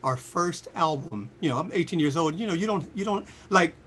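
A man in his sixties, a singer, telling lively stories in a casual interview and jumping into high voices for quotes. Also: fairly quick, slightly rough. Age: 60s. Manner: animated storyteller, jumps into high voices for quotes. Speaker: singer and guest.

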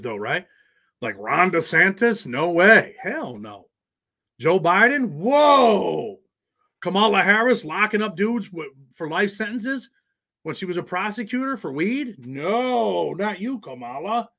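A man's voice: high voice, big pitch swings, measured pace, pushed and bright. Slangy American man chatting on a livestream. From United States. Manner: loose, slangy, talks straight to chat. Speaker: livestream host. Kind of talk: casual livestream chat reading viewer comments.

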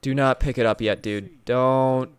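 A young man giving casual gameplay commentary, swinging between mumbled asides and excited yelps. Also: medium pitch, measured pace, clean tone. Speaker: gaming YouTuber.

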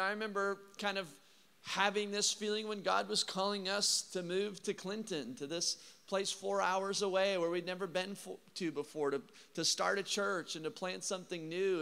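Guy pastor preaching, smooth clear voice, chatty, big echoey church hall. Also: high-pitched, measured pace, bright, forceful tone. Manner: conversational preaching, acts out reluctant replies with a chuckle. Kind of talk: sermon. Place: church auditorium. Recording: long hall reverb.

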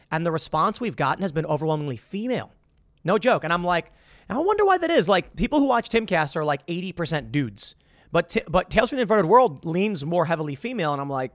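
A man's voice: fairly high pitch, no room sound, studio quality. A man hosting a political commentary show, talking in a monologue and acting out quoted voices. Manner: animated, acts out quoted voices. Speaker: host.

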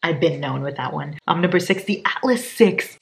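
A young woman chatting excitedly as she opens book mail on her vlog, gushing over every gift. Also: low voice, normal speed, gravelly, a little hiss or hum. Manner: gushing, excitable, reads notes aloud. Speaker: book vlogger. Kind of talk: casual chat unboxing book mail.

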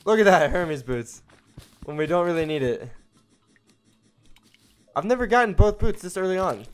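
A fairly high-voiced young man chats his way through a video game stream, rambling from one thought to the next. He bursts into excited exclamations and trips over his own sentences. Faint game music plays underneath his voice. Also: normal speed, smooth. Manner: chatty and rambling, with excited exclamations and self-interruptions. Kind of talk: casual gameplay commentary.

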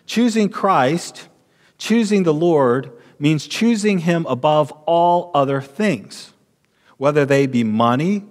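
A man preaching to his congregation at an unhurried pace, voice pitched in a middle register. He repeats his key lines for weight. The sound rings with the long reverb of a church sanctuary. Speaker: pastor. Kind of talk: sermon.

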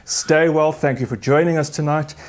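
A man's voice: on the high side, steady tone, moderate pace. A man hosting a streamed piano recital from his studio, a little out of breath, talking in a chatty, fond way and slipping into baby talk with his dogs. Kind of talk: casual chat to camera. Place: music studio.

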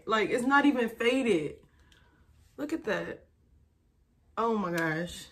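A young woman vlogging casually to camera at home, rambling and excitable, recorded on a camera mic. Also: fairly high pitch, slow, long pauses. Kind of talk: casual vlog chat to camera.

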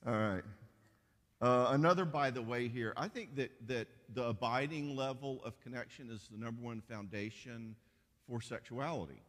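A marriage counselor with a medium-pitched, fairly bright voice speaks at a normal pace, giving couples a loose, joking conference talk peppered with fillers and false starts. He's in a church hall, and the sound is echoey with hall reverb.

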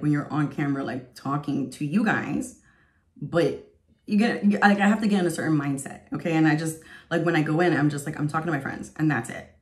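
A woman in her thirties giving an earnest, emotional spoken testimony as a vlogger, rambling with lots of fillers. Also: sits low. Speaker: faith vlogger.

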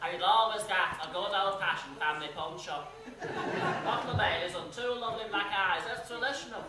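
A man's voice: sits high, brisk, natural voice. A man playing a cheeky, jokey working-class bloke in a one-man stage show. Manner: joking, matey. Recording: echoey theatre stage, mic far off.

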